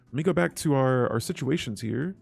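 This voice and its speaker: A man's voice: medium pitch, fairly quick, vocal fry, soft background music. A man hosting a strategy game let's play, chatting casually with his viewers as he clicks through menus. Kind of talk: gameplay commentary.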